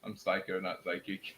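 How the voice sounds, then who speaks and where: A man's voice: a little high, creaky, bright, forceful tone. A man casually chatting with viewers on a livestream, joking around and laughing often. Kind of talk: casual live chat.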